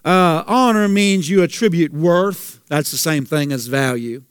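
A man's voice: fairly high pitch, a little slow, clean tone, no room sound, clean studio sound. A male pastor preaching a sermon, asking the congregation questions and repeating phrases for emphasis.

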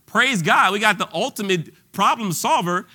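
Man, preacher, informal sermon, conversational, very bright tone. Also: high-pitched, animated, moderate pace. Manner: conversational, full of restarts and fillers, rising to bold declarations.

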